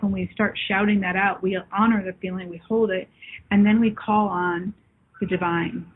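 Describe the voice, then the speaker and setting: A woman hosting a spiritual call-in show, chatting warmly with callers and viewers and calling them love. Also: mid-range voice, fairly even intonation, moderate pace, slightly rough. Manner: warm, affectionate, calls people love. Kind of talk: live call-in talk with viewers. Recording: phone-like lo-fi line.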